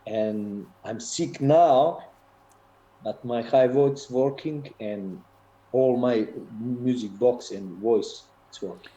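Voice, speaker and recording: A man who is currently ill, talking haltingly in broken English with repeated words, as a voice student on a video call. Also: medium pitch, warm tone. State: ill, on antibiotics. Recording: roomy, muffled video call audio.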